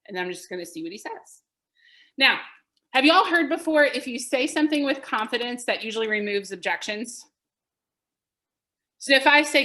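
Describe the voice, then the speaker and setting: Bright, lively woman coaching. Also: on the high side, normal speed, long pauses. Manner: lively, emphatic storytelling. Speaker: real estate coach. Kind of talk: webinar teaching. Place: home office. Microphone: video call.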